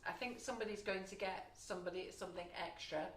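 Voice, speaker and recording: A woman hosting a live baking stream from her shop kitchen, loud and chatty, reading out viewer comments. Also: fairly low pitch, fast talker, reverberant, noisy background. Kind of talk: casual live-stream chat.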